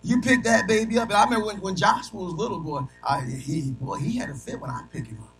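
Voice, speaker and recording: A middle-aged man preaching in a high, bright, ringing voice. He builds through rhythmic lists, leans on "amen" after nearly every point, and swings from hushed asides to full shouts. Faint music plays behind him. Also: fast, rough recording. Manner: punctuates phrases with repeated "amen"; swings between soft low asides and loud shouted peaks. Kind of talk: sermon.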